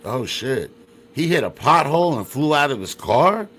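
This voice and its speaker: A man's voice: medium pitch, sing-song, normal speed, a bit bright, a little hiss or hum. A man hosting a casual interview, asking blunt questions and reacting with casual swearing. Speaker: host.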